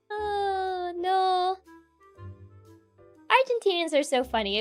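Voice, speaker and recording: A young streamer whose first language is Spanish chats casually and playfully with her viewers in a Spanish accent, reading chat aloud and giggling often. Her extremely high voice is animated and a little slow, over soft background music.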